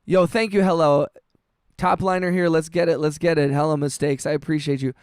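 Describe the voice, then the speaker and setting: Smooth-voiced man chatting on a livestream. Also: a little high, fairly even intonation, darkish tone, dry recording, clean studio sound. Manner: halting and heartfelt, with frequent restarts, swearing and "bro" and "dude". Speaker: livestreaming music producer. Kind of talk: casual livestream chat, reading chat messages.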